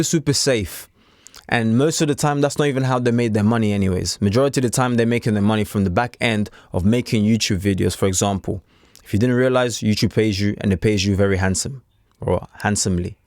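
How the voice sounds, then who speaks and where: This trading coach has a mid-range voice with a darkish tone, recorded dry with clean studio sound. He talks off the cuff to camera, chatty and repetitive, using street slang.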